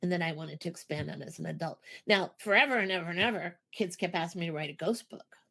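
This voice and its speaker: A middle-aged woman, a guest author, telling stories in a casual interview and acting out the voices in them with lively energy. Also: fairly low pitch, quick pace, vocal fry. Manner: animated, acts out voices in anecdotes.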